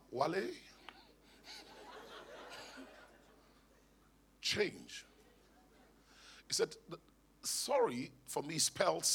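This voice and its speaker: A man's voice: mid-range voice, fairly bright tone, slight background noise. A man, a bishop preaching emphatically in church and calling on the congregation to respond. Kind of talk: sermon. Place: church hall.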